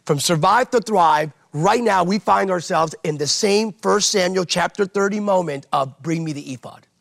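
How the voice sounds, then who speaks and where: A man's voice: sits high, moderate pace, vocal fry, fairly bright tone. A man, a pastor, preaching in an impassioned sermon style within a conversation, driving points home with emphatic repetition. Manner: emphatic, repeats phrases for rhetorical effect.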